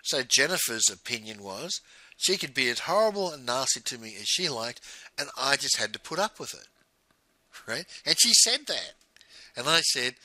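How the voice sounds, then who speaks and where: A middle-aged man talks bluntly in a very sharp, forceful voice that swings widely in pitch. He coaches through a recorded monologue and keeps checking in with a quick "right?". The sound is dry and close. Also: big pitch swings, no room sound, rough recording. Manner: blunt, ends points with "right?". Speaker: business coach.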